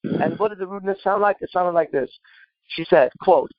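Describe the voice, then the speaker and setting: Brief: boastful, foul-mouthed man, slightly high voice, dry dull sound. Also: a little fast, no room sound. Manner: boastful, swearing, rambling with filler words. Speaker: panel host answering a listener question. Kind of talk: brash profane casual talk.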